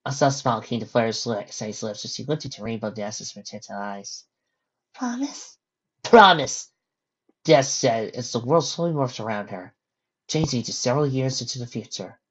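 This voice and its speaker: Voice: medium pitch, a little fast. Reader narrating a fan story, lo-fi sound. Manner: casual asides between the narration. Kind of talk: reading a fan story aloud. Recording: dull lo-fi recording.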